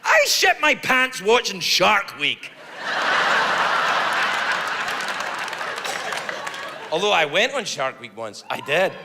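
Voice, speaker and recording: A man performing a stand-up comedy routine, telling a story in a profane, animated way and throwing asides to the crowd. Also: sits high, drawn-out words, pauses often, heavy background noise. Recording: live in a large hall with audience laughter.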